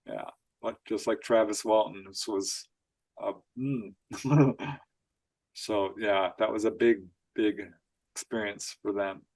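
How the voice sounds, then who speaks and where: A man guest on an interview show, telling strange stories in an animated way, laughing often and acting out quotes. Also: on the low side, slow, long pauses. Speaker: author guest. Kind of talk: storytelling interview.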